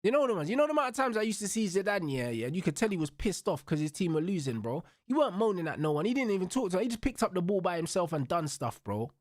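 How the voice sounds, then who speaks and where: A man's voice: high voice, sing-song, quick pace, hardly any pauses, dry recording, studio quality. A young man ranting hotly about football as a watch-along host, swearing freely and ending every line with bro, bruv or blood. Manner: profane, slang-heavy, repeats tags like bro and blood. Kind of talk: heated football rant.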